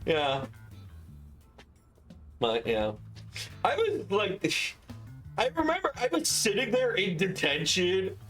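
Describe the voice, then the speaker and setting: Animated young man telling stories on stream. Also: high voice, takes it slowly, long pauses, soft background music. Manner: animated, swears freely, acts out quotes. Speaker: livestreamer. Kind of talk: casual storytelling on stream.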